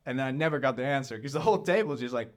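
A young man rambles through a story in casual conversation. He leans on "like" constantly and acts out what people said as he retells it. His voice sits at an ordinary mid pitch. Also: very fast. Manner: rambling, lots of "like", animated retelling. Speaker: storyteller guest. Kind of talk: casual chat.

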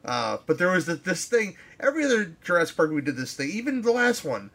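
A man's voice: high-pitched, very animated, fast talker, creaky, a bit bright. A man co-hosting a casual podcast, rambling and hesitant as he reviews a movie, with crude asides. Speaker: podcast co-host.

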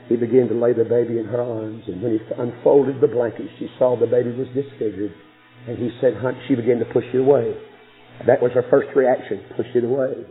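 A man preaching a sermon, telling a story emphatically with sudden soft drops in his voice. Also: mid-range voice, steady tone, brisk. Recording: muffled radio broadcast with faint music.

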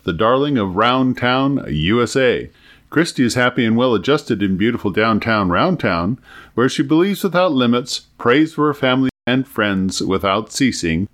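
A middle-aged man hosts a faith podcast in a folksy, earnest manner. His voice sits at an ordinary middle pitch for a man, and he moves easily between telling a joke and praying. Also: a bit bright. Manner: folksy, earnest storyteller, prays aloud. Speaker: podcast host. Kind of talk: religious podcast talk with a told joke.

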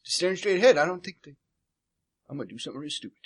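A man plays his character at a tabletop game, his voice slightly husky and lively in pitch. He rambles and jokes, drifting between in-character talk and casual chat. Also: very fast. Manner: joking, rambling, laughs often.

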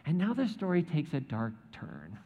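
A man's voice: fairly high pitch, huge pitch swings, normal speed. A man preaching a sermon, retelling a scripture story with joking asides and acted-out quotes. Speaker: pastor. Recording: echoey hall, dull sound.

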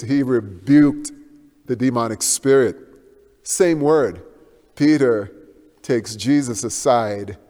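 A man preaches a sermon in a church sanctuary, his voice at a middling pitch. He builds to emphatic peaks, then sinks into low, hushed stretches, and poses rhetorical questions to his listeners. A long reverb from the hall trails each phrase. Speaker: pastor.

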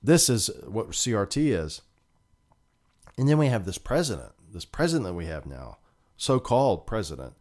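A man's voice: fairly low pitch, very animated, moderate pace, a little mellow. A man hosting a political talk show, delivering emphatic, indignant commentary and often repeating himself.

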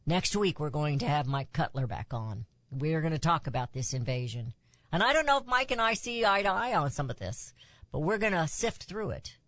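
A woman's voice: sing-song, a little fast, fairly bright tone, dry recording. A woman hosting a political talk radio show, delivering an emphatic monologue whose voice climbs on the points she stresses. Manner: emphatic, rising pitch on key points, with asides.

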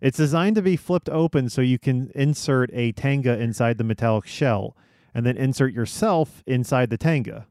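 A man's voice: mid-range voice, moderate pace, a little mellow, dry recording, clean studio sound. A man hosting a casual podcast chat, reading out article details with joking asides. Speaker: podcast host reading news.

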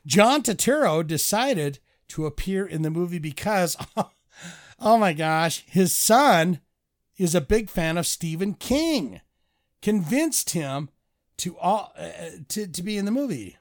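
A man's voice: high-pitched, lively intonation, slow pace, dry recording, studio quality. A man co-hosting a podcast in casual chat, joking crudely and rambling as he runs a movie trivia quiz.

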